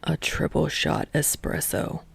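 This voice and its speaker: A woman's voice: measured pace, close to an everyday voice. A woman voicing a smug, laid-back young male barista who speaks dry and unbothered, half-whispered.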